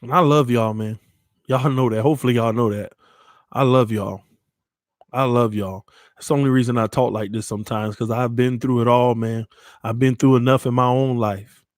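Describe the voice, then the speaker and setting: Sports-channel host, male, mid-pitched, heartfelt pep talk to his fans, shaken after crying, dry close sound. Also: fairly even intonation, fairly quick, no room sound. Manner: earnest, repeats phrases, addresses viewers as man and y'all. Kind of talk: emotional motivational talk to viewers.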